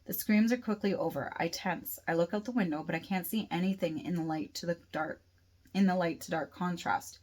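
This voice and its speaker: Woman narrator, author reading her novel, low-set voice, steady first-person audiobook read. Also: brisk, slightly rough. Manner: steady reading with occasional restarts.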